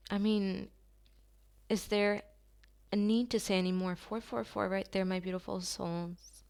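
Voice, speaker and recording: A woman giving a channeled tarot reading to her viewers, talking softly and slowly in an affirming way, with long pauses. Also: medium pitch, fairly even intonation, gravelly, clear, resonant tone. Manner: soft, slow and affirming, with drawn-out pauses.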